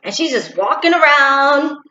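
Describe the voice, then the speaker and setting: A woman giving a preachy, animated opinion monologue for her vlog, in a dull, roomy home recording. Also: high-pitched, a little slow. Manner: preachy, animated, acts out quotes. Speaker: commentary vlogger.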